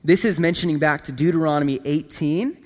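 A man's voice: fairly high pitch, fairly quick. Conversational male preacher in a big hall. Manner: conversational, animated, checks in with "right?" and "okay?". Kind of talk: casual sermon. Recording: long hall reverb.

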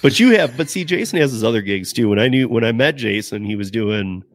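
A man's voice: mid-range voice, expressive, fairly quick, no echo. Middle-aged man, guest on a chatty podcast; rambly, restarts a lot, dry recording. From Denver area. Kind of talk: casual podcast chat.

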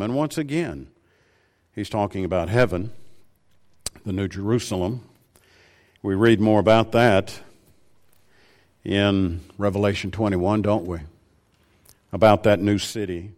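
A man preaching a sermon, slowing down and lifting his voice to stress key phrases. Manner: rises in pitch and volume for emphasis, slows on key words.

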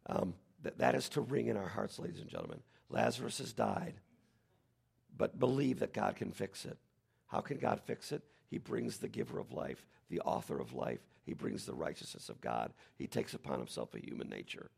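A man preaching a sermon as pastor, animated, with dramatic quoted lines. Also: deep voice, moderate pace, creaky, breathy edge.

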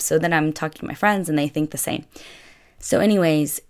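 A young woman with a low-pitched voice, chatting her way through a story. She talks casually and loosely, stringing her sentences together with lots of filler words. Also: fast talker, gravelly, darkish tone. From United States. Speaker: vlogger.

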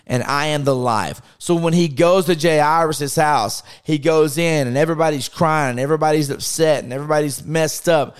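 A man's voice: fairly high pitch, clear, resonant tone. A man preaching a podcast sermon with impassioned rhetorical questions, acting out scripture quotes in his own voice.

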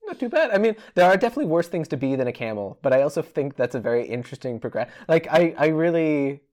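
Quick, wordy man musing aloud. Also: medium pitch, animated, a little mellow. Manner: thoughtful, wordy, halting restarts. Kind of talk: casual conversation.

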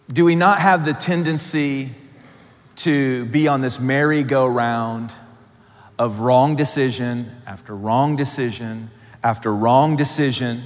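A man preaching a sermon, reading scripture aloud and then driving his points home with rising emphasis. He slips in light joking asides between passages. His voice carries a long reverb from the hall around him. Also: mid-range voice. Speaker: pastor. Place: church hall.

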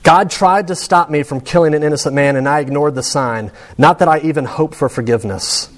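A man's voice: on the high side, a little fast, close to an everyday voice. A man reading the lines of an angry dying old man, without much theatrics. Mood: remorseful. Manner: bitter, demanding.

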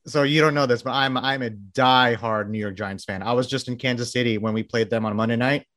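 A man's voice: mid-range voice, fairly quick, fairly bright tone. A man hosting an interview on a video call, upbeat and chatty with frequent restarts and laughs. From Texas, Dallas area. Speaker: podcast host. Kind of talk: casual interview chat.

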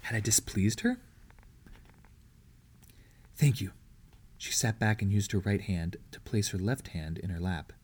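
A man narrating a historical novel as an audiobook reader, steady and measured. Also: fairly low pitch, breathy edge.

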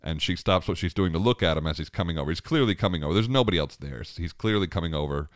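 A man's voice: low-pitched, quick pace, dry recording, studio quality. A man in his thirties, a father, telling a family story in a casual, rambling way, chuckling often and restarting his sentences.

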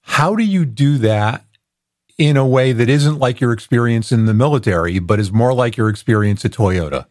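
A man hosting a podcast, asking questions in a relaxed conversational way. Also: medium pitch, moderate pace, no echo, clean studio sound. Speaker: podcast host. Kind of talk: casual interview.

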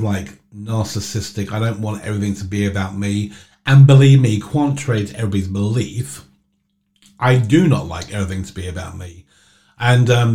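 A man's voice: medium pitch, darkish tone. A man from England, hosting his own podcast and chatting in a joking, self-mocking way as he tells stories. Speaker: podcast host. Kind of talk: casual solo podcast monologue.

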